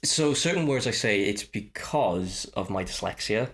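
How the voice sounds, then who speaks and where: A man with a Swansea Welsh accent chatting casually on a podcast, animated and acting out the voices of people he quotes. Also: lowish voice, a little slow. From Wales. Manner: animated storyteller who acts out quoted voices.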